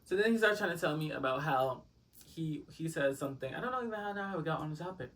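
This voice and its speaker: A man's voice: fairly high pitch, expressive, fast talker, a bit bright. Man, storytime vlogger, rambling, filler-heavy, dramatic asides, slightly distant mic. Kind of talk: casual storytime chat.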